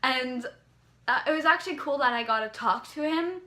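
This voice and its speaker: A young woman vlogger from Canada excitedly telling a story in casual chat, rambling with lots of "like"s. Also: high voice, moderate pace.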